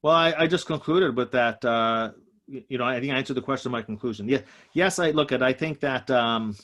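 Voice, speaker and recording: Speaking to a group by video call, a male economist guest delivers a forceful economic talk, hammering home the main points while a bit breathless. His mid-range voice has a fairly bright tone and runs a little fast.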